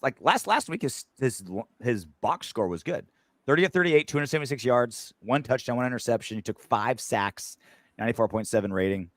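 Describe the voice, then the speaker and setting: A man hosting a casual fan sports podcast over a video call, animated, jumping between loud bursts and low mumbles. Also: fairly quick, no room sound, studio quality. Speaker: podcast host.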